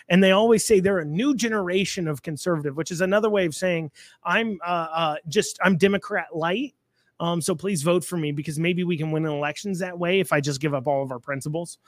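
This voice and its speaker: A man's voice: on the high side, dry recording, studio quality. A man giving blunt, sarcastic political commentary, with frequent fillers and restarts.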